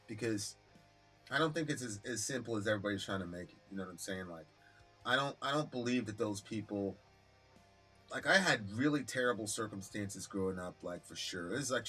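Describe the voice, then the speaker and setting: A man co-hosting a live stream, talking bluntly with a lot of profanity and animated storytelling. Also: lowish voice, husky. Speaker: co-host of a live reaction stream. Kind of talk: casual heated discussion.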